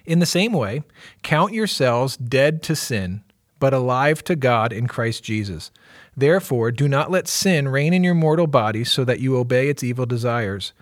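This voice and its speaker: A man's voice: mid-range voice, lively intonation, moderate pace, no room sound, studio quality. A man who is a pastor, teasing his co-hosts in podcast chat and reading scripture aloud expressively. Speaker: executive pastor.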